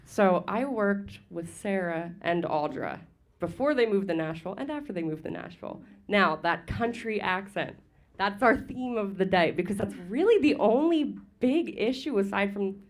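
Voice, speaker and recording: A woman's voice: mid-range voice, lively intonation, moderate pace. A woman judging a singer, giving earnest, emphatic advice. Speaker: singing competition judge. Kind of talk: spoken critique.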